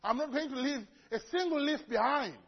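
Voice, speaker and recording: A man's voice: very high voice, fairly quick, lo-fi sound. A man from Africa preaching a sermon to a congregation, telling stories with humorous asides. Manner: lively storytelling with humorous asides. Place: church before a congregation.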